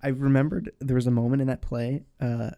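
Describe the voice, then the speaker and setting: A man's voice: medium pitch, level tone, a little fast, creaky, warm tone, slight background noise. A young man chatting casually as a podcast guest, rambling and filling his talk with "like.". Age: young adult. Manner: rambling, full of "like" fillers. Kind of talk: casual chat.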